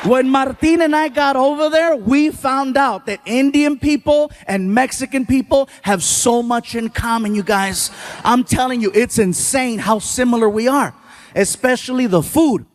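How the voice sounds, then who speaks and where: A male stand-up comedian telling stories in an animated way and talking to the audience. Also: very high voice, normal speed. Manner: animated storytelling, talks to the crowd.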